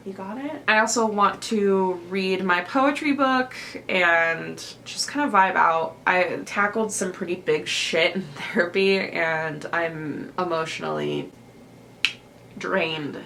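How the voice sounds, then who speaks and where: A young woman talks casually through her reading vlog, chatty and unfiltered with the odd swear word. Her voice has a gravelly, fried edge. A faint hiss sits under the home recording. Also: lowish voice, a little slow, sharp tone. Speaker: book vlogger.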